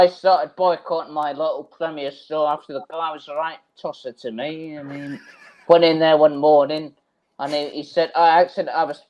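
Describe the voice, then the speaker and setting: A man chatting casually on a livestream, stammering and self-deprecating, swearing often, and quick to get defensive. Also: on the high side, slight background noise, rough recording. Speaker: livestream guest. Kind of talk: casual chat.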